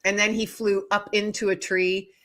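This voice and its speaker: A woman author, a guest on an interview show, telling animated stories with plenty of laughter and acted-out voices. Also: medium pitch, moderate pace. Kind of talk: casual storytelling interview.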